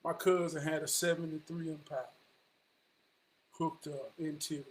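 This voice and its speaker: A man, telling a personal story in an animated, vernacular way. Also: a little high, normal speed, a little hiss or hum. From Charlotte, North Carolina. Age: 40s. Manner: animated, vernacular, quotes people in dialogue.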